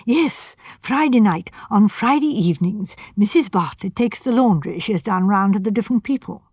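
A woman reading the part of an elderly genteel spinster sleuth, gentle and hesitant. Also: medium pitch, expressive, normal speed, slightly rough, dry recording, studio quality. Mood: earnest. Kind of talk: audiobook character voice.

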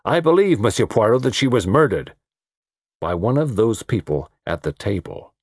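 A man's voice: fairly low pitch, expressive, normal speed, dry recording, clean studio sound. A man voicing a brooding, determined middle-aged host who speaks intensely and emphatically.

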